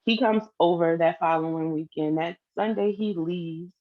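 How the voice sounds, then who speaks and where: A woman's voice: on the low side, normal speed, phone-quality sound. A woman telling a personal story in a casual way, acting out the lines of the people in it. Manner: animated, acts out quoted dialogue.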